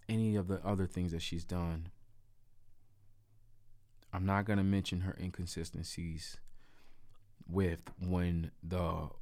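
Man, very deep voice, casual storytelling, emphatic, dry close sound. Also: no echo. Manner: animated, emphatic, repetitive asides. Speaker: storyteller vlogger. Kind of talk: casual first-person storytelling.

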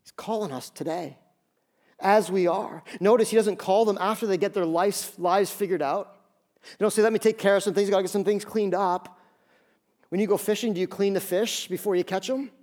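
High-voiced man preaching a sermon. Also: normal speed, darkish tone. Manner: emphatic preaching with repeated phrases; acts out dialogue in quotes. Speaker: pastor.

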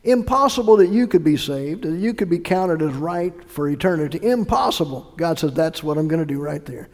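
A male pastor preaching a sermon, emphatic, swinging between loud bursts and hushed lines. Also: a little high, lively intonation, fairly quick, long reverb tail.

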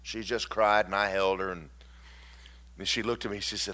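A man preaching a sermon, swinging from loud declarations to hushed, tender storytelling. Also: low-pitched, steady tone, normal speed, long pauses.

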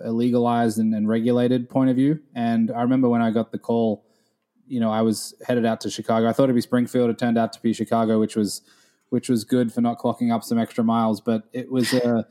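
A man in his thirties, a guest on a podcast, answers questions in a measured, articulate manner. His voice is mellow and dark, with a calm, even delivery. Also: medium pitch. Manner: measured, articulate with some fillers. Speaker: guest, gaming attorney. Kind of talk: casual interview.

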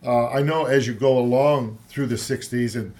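A man's voice: medium pitch, fairly even intonation, moderate pace, warm tone. A man hosting an interview, asking questions in a conversational way with filler words. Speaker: host, interviewer. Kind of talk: casual interview.

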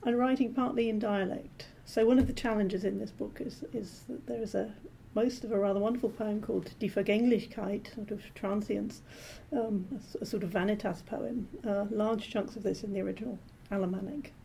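A woman translator being interviewed, explaining her work in a measured, thoughtful way with frequent pauses and ums. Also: mid-range voice, steady tone, creaky, warm tone, a little hiss or hum. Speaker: literary translator, interview guest. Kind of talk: thoughtful academic conversation.

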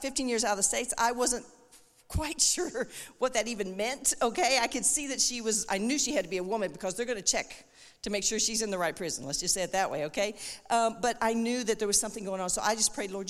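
A middle-aged woman giving an animated church testimony, acting out the voices of the people she quotes. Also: mid-range voice. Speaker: missionary speaker. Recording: echoey hall with long reverb.

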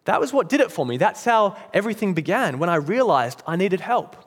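Man reading as a serene forgiven man in heaven, gentle, patient, high voice, long church echo. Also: very animated, a little fast, husky, exaggerated voice.

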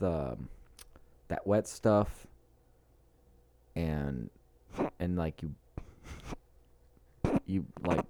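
A man in casual chat, halting and searching for words with lots of fillers. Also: deep voice, lively intonation, warm tone, dry recording.

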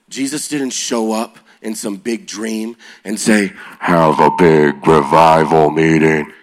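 A middle-aged man, a youth pastor, telling a story as he preaches, his delivery swinging from hushed lines to shouts. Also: on the low side, breathy edge. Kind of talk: energetic sermon storytelling.

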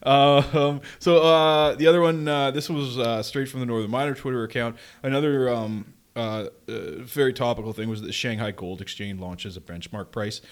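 A podcast co-host with a clean, steady, medium-pitched voice talks at a moderate pace with hardly any pauses. His casual chat rambles, packed with fillers and frequent chuckles.

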